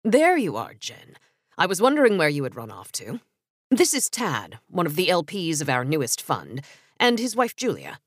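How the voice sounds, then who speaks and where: A woman's voice: deep voice, wildly swooping pitch, moderate pace, no echo, studio quality, pitched below the performer's own voice, heavily acted. A woman voicing a smug male businessman boyfriend in an audiobook story, offhand and condescending.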